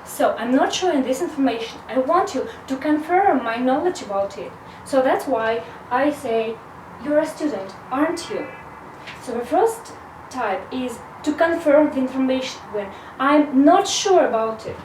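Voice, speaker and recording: A high-voiced woman, an English teacher, gives a video grammar lesson, explaining slowly and carefully and often saying "so." Her delivery is expressive and a little mellow. The mic is distant in an echoey room, with slight hiss or hum.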